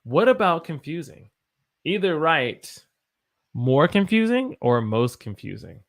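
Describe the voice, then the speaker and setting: Slow-speaking American man teaching English. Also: fairly high pitch, big pitch swings. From United States. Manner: slow, drawn-out spelling and repetition of words for learners; reads and answers chat questions aloud. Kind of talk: live-streamed English lesson.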